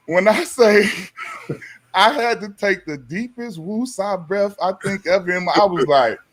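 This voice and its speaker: A man's voice: high-pitched, animated, takes it slowly, fairly bright tone. A man in his forties, a former pro athlete, telling a story in loose, slangy talk and acting out both sides of the exchange. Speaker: podcast guest, former pro basketball player. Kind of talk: casual storytelling.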